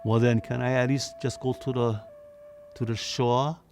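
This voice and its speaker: A man's voice: medium pitch, little pitch movement, normal speed, music in the background, voice pushed up, natural voice. A man voicing a stubborn, determined Hawaiian boy who speaks Hawaiian Pidgin. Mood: insistent. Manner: insistent, nagging.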